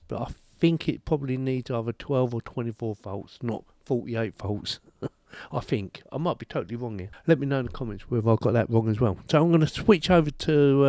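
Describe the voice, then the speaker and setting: A man's voice: mid-range voice, darkish tone, no echo. British guy rambling about his desk mic setup, dry close sound. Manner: chatty, rambling, self-deprecating. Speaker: tech reviewer. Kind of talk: casual product review. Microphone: desk microphone on boom arm.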